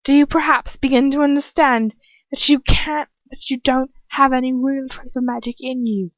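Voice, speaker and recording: A woman's voice: mid-range voice, fairly even intonation, measured pace, no echo, muffled recording, natural voice. A woman reading the part of a cold, sneering older male wizard who taunts his captive. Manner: mocking, taunting.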